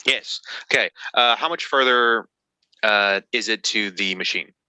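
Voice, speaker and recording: A man with a sharp, tense, lowish voice chats casually at a game table. He keeps asking how the rules work. The sound is close and dry. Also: measured pace, smooth, dry recording. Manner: questioning, unsure of the rules. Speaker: player.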